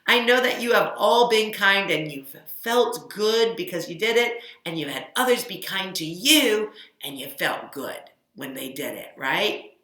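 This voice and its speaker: A woman leading a children's lesson with songs and a storybook, gentle and encouraging as she talks to the kids. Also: mid-range voice, expressive, unhurried, roomy sound, poor audio. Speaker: children's program teacher.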